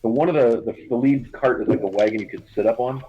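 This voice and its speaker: A man's voice: mid-range voice, quick pace, slightly rough, dry recording. A man running a tabletop game as game master, describing the scene loosely with lots of fillers. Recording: dull lo-fi sound.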